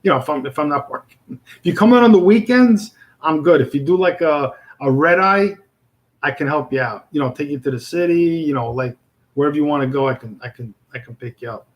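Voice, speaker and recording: Speaking fast in a slightly high voice, this New Yorker with a Brooklyn accent chats loosely with his livestream audience, restarting and filling gaps constantly. The recording has its highs cut off.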